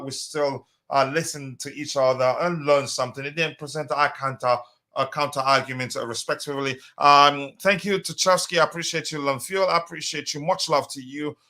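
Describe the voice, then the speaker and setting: A man hosts a casual live stream, reading viewer comments aloud between halting, filler-heavy remarks. His voice is bright and forceful, sitting a little higher than most men's. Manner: hesitant, many fillers, reads comments aloud. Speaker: host of a fan livestream.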